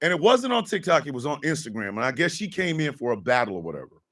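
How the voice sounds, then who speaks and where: A man hosting a podcast, delivering a profane, exasperated comedic rant and often shouting. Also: on the high side, sing-song, fast. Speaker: podcast host.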